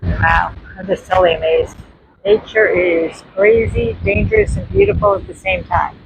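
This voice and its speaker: A woman's voice: fairly low pitch, moderate pace, lo-fi sound. A woman with a New York accent, chatting casually to her viewers as she films a walk along a windy beach on a handheld phone. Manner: chatty, addresses viewers as friends. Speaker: vlogger. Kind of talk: casual walking vlog narration. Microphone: handheld phone camera. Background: faint surf and wind.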